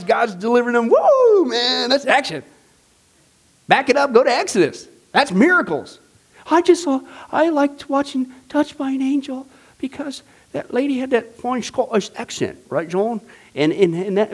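A man teaching a Bible study class in a casual, animated way, full of jokes and enthusiasm. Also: very high voice. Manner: animated, joking, enthusiastic with frequent fillers. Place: church classroom.

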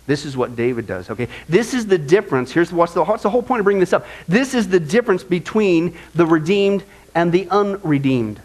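A man preaching a sermon as pastor, conversational and animated, often checking in with "okay?". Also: high voice, poor audio.

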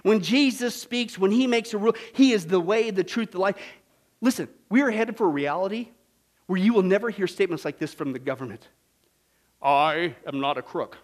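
A man preaching a sermon in an animated way, with laughing, mocking asides. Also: sits high, brisk. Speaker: pastor.

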